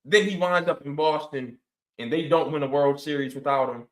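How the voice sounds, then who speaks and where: Animated man on a sports podcast. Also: a little high, normal speed, echoey room, low-quality recording. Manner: animated storytelling, playful exaggeration. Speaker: podcast co-host. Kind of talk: casual sports chat.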